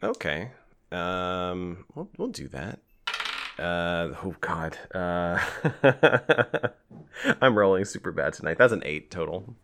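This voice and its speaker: A man's voice: deep voice, sing-song, slow pace, fairly bright tone, a little hiss or hum. A man playing a tabletop game, describing his character's moves hesitantly with fillers. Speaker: player. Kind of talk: casual tabletop play.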